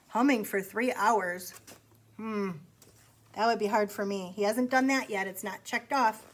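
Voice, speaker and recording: A woman's voice: medium pitch, fairly even intonation, a little slow, pauses often, low-quality recording. A woman reading a picture book aloud to children in a sing-song way, stopping to ask them questions. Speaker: storytime reader.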